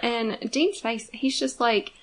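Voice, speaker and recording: A woman co-hosting a casual fan podcast, blunt and swearing, with quick asides. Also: fairly high pitch. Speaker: podcast co-host.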